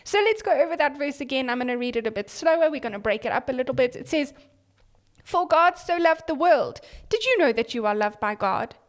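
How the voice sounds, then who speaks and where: A woman's voice: high voice, very animated, fast, hardly any pauses. A young woman hosting an upbeat children's devotional podcast, bubbly and chatty as she calls out to young listeners. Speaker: children's pastor.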